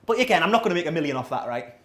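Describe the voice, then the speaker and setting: A man's voice: a little high, big pitch swings, very fast, fairly bright tone. A man in his thirties doing a rambling, self-deprecating, sweary stand-up set as the comedian. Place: small coffee shop venue, indoors. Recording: echoey small room.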